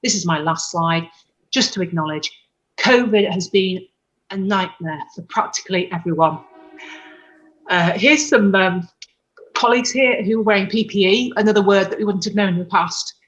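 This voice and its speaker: A woman's voice: medium pitch, moderate pace, highs cut off. Woman doctor giving a talk. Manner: earnest, explanatory, with self-corrections. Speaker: doctor presenting. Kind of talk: conference presentation over video call.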